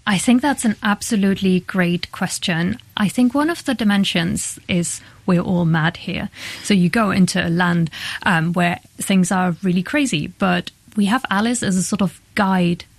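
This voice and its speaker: A woman's voice: on the low side, moderate pace, no echo. A woman academic guest on a radio programme, explaining her subject articulately. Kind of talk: radio interview.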